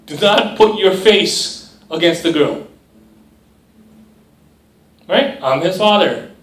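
A man's voice: high voice, animated, slow, fairly bright tone. A young man preaching a conversational sermon to a youth group, often checking in with "right?" and briefly mimicking other voices. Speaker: youth pastor. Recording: echoey room, mic at a distance.

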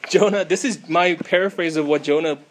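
A man's voice: fairly high pitch, fairly quick. A man preaching a casual sermon in a conversational way, with many fillers and frequent tag questions.

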